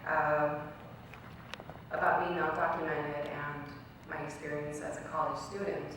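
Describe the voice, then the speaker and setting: Young woman guest speaker, earnest storyteller, lowish voice, distant recording with faint background noise. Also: level tone, measured pace. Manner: earnest storyteller, acts out quoted dialogue. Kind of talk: personal speech to an audience. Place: college event hall. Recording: very echoey hall recorded from far off.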